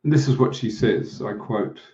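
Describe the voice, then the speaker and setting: A man preaching a sermon and leading a prayer, speaking slowly with pauses and fillers. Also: fairly low pitch, warm tone. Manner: slow, halting delivery with pauses and fillers. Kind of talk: slow, deliberate sermon with prayer. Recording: dull, muffled lo-fi sound.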